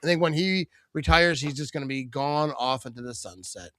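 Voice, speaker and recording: Bright-voiced, fairly high male streamer. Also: a little fast, no room sound. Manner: rambling, joking, reads viewer comments aloud; bursts into excited play-by-play on big plays. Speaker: host of a live game watch party. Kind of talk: casual live-stream commentary and chat.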